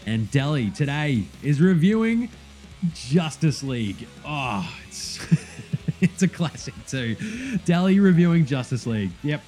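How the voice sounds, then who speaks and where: An Australian man hosts a casual sports podcast in a blokey, swearing way. His voice is high. Faint music plays beneath him. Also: darkish tone. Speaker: podcast host.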